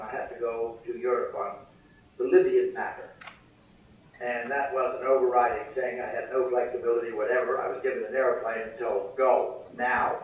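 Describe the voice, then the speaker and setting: An older man giving a speech at a foreign affairs forum, telling wartime stories with wry, dry humor. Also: medium pitch. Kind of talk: after-dinner speech with war anecdotes. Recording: distant, dull, echoey hall recording.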